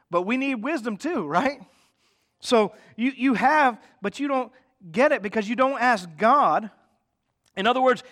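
A man with a high voice preaches in a conversational way, often pausing to check in with his listeners. He slips into mock voices to act out their everyday complaints. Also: fairly bright tone. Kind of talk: sermon.

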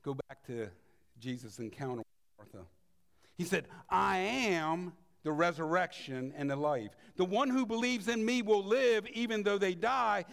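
A man with a high voice and a gravelly edge, preaching a sermon. He is animated and acts out the voices of the figures in the story he tells. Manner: animated, voices the quoted speakers.

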